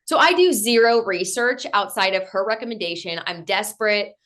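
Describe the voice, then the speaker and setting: A woman in her late thirties, talking as a guest in an interview. She tells her own story candidly and with lively energy, and she slips into acting out what she thought back then. Her voice sits at a middle pitch for a woman. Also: moderate pace. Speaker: podcast guest.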